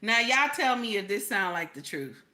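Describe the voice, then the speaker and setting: A woman with speech hosting a casual livestream, reading chat messages aloud and reacting with loud, laughing commentary. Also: mid-range voice, normal speed, heavy background noise. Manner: animated, laughing, talks back to chat.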